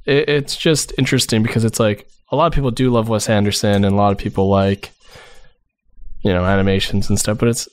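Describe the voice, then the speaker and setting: A man co-hosting a podcast in an animated, somewhat hesitant way, full of fillers, sometimes jumping into high silly voices. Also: brisk. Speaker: podcast co-host. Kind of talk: casual chat.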